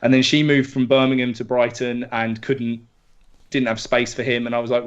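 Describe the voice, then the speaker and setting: A young man chatting as a podcast co-host, animated and sweary as he gushes about his dog. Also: medium pitch, moderate pace, clean tone. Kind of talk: casual chat. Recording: dull lo-fi podcast audio.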